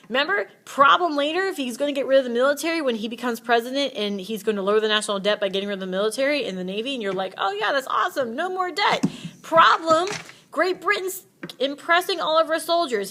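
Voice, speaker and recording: Woman teacher doing a history lecture, chatty and casual, a bit high-pitched. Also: pushed and bright. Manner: casual and chatty, with playful asides.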